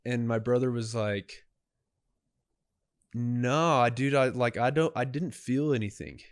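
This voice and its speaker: A young man co-hosting a podcast, telling a story in a casual, animated way and acting out what people said. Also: medium pitch, slow pace, no echo, clean studio sound. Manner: animated, acts out dialogue. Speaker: podcast co-host.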